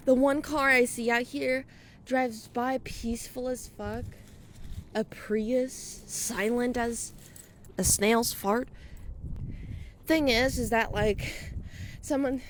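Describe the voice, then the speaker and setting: A woman's voice: on the high side, takes it slowly, a little hiss or hum. A young woman vlogging as she walks outdoors at night, talking in a casual, rambling way, swearing freely and a bit out of breath. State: out of breath from walking. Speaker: vlogger and podcaster. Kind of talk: rambling personal monologue.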